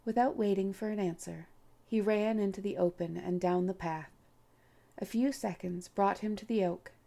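A woman reading a novel aloud as an audiobook narrator, in a measured, unhurried storytelling manner. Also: medium pitch, steady tone, vocal fry, mellow. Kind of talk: scripted narration.

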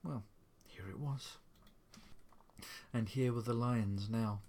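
A man narrating a story aloud in a measured, vivid reading. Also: medium pitch, darkish tone, a little hiss or hum.

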